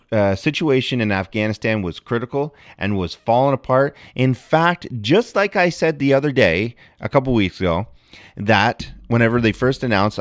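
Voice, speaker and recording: A man hosting a casual livestream, rambling and excitable, swearing often and breaking into animated outbursts. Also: lowish voice, dry recording, clean studio sound. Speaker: livestream host.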